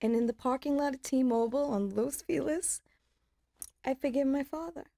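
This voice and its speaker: Animated woman telling her story. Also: sits high, normal speed, gravelly. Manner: animated, vivid storyteller who acts out scenes. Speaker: podcast guest. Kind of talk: personal storytelling.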